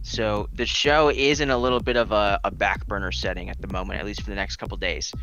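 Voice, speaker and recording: A man's voice: lowish voice, steady tone, a little fast, bright, forceful tone, lo-fi sound, faint music behind. A man co-hosting a gaming live stream, chatting casually and laughing a lot.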